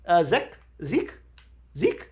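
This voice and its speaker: A man's voice: sits high, wildly swooping pitch, takes it slowly, a little mellow, full character voice. A man doing a mocking impression of a big, pushy male roommate who keeps calling out shrilly and demanding money. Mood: shrill, nagging.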